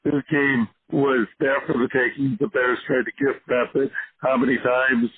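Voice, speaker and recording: A hoarse man co-hosting a sports podcast, ranting with passion. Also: medium pitch, little pitch movement, moderate pace. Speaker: podcast co-host. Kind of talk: casual sports podcast chat. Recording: tinny phone-line sound, dry.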